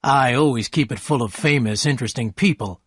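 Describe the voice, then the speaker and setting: Brief: eager, dreamy rich young gentleman, friendly, mid-pitched voice, read by a man. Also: brisk, breathy edge, no room sound, clean studio sound, natural voice. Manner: friendly, calls listener "old sport".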